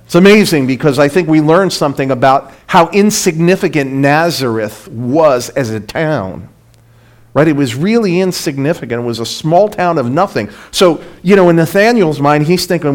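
A man's voice: on the high side, lively intonation, moderate pace. A man preaching a short sermon and reading scripture aloud, talking in a conversational, emphatic way and often checking in with his listeners. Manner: conversational, emphatic, asks the audience "right?".

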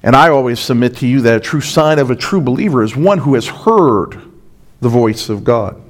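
A man's voice: mid-range voice, lively intonation, moderate pace. A man preaching an expository sermon as a pastor, earnest and emphatic, with rhetorical asides to the congregation.

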